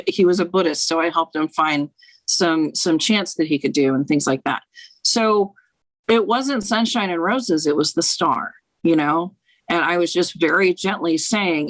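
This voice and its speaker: A woman's voice: lowish voice, a little slow, a bit bright, no room sound, poor audio. Blunt, frank woman talking tarot. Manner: blunt, frank, swears freely. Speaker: tarot reader and author. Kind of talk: casual conversation, interview guest.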